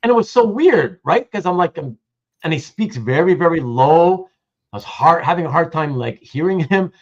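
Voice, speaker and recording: A chatty man hosts a casual online show, his voice fairly high and bouncing up and down as he talks. He keeps restarting his sentences and reads comments aloud, and the stream audio sounds dull and lo-fi. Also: animated, moderate pace. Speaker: host. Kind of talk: casual livestream chat.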